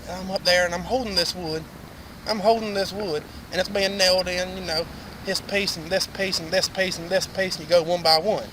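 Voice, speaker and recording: A man playing a crude, excitable redneck telling a rambling comic story with lots of cursing. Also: sits high, a little fast, background noise. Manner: crude, excitable, Southern-style drawl with cursing. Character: rowdy redneck drunk named Randy. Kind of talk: comedic rambling monologue.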